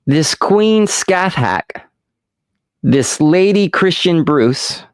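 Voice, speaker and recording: A man of middle pitch hosts a casual podcast, telling stories in a slow, rambling way and swearing freely. His voice sits close and dry on the mic. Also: animated, no echo. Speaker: podcast host.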